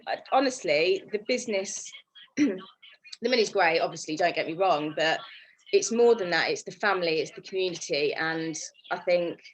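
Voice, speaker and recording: A woman's voice: on the low side, a little hiss or hum, poor audio. A woman in her thirties giving a personal testimonial in a chatty manner, laughing often and emotional at times. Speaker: team member sharing her story.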